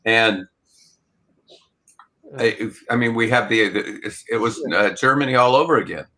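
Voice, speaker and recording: A man's voice: medium pitch, unhurried. A man in casual political talk, emphatic and grimly joking, often restarting his sentences. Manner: emphatic, stuttering starts, dark humor. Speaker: political commentator.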